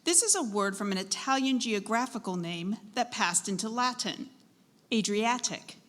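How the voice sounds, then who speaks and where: A woman serving as a spelling bee pronouncer, reading words and definitions clearly and encouraging the contestants. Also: mid-range voice, expressive, normal speed, fairly bright tone. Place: school event hall. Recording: echoey hall with long reverb.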